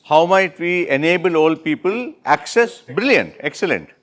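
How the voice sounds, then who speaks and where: Indian english guy leading a class, a bit high pitched, keeps rephrasing what students say, quick praise. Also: expressive, fairly bright tone. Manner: repeats and rephrases students' answers, brisk encouraging praise. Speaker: workshop instructor. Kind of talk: interactive classroom teaching.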